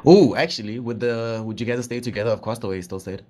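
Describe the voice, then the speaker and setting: A man's voice: medium pitch, fast talker, a little mellow. A man co-hosting a casual gaming podcast, joking around with slang and laughing often. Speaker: podcast co-host.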